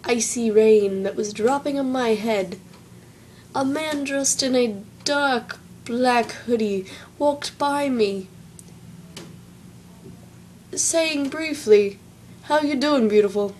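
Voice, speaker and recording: A woman's voice: fairly high pitch, takes it slowly, pauses often, a little mellow, slight background noise, rough recording. Chatty young Southern woman vlogging. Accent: Southern American. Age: young adult. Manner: chatty, wry and self-mocking. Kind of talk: casual vlog storytelling.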